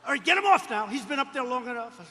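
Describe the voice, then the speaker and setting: A man putting on the voices of panicky male campaign handlers, yelling and pleading from offstage. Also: very high voice, expressive, quick pace, full character voice. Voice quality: shouted, pleading. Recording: echoey arena with long reverb.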